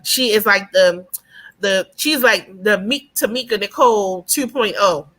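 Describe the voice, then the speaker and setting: Bright-voiced animated woman telling stories. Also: mid-range voice, measured pace. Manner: animated storyteller, often asks "you know what I mean". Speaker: guest. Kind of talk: casual podcast conversation.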